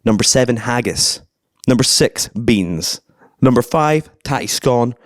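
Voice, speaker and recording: A man's voice: mid-range voice, expressive, a little slow, no room sound, studio quality. A young Scottish man hosting a podcast in a playful, teasing way. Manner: playful, teasing, laughs often. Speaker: podcast host. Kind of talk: casual podcast banter.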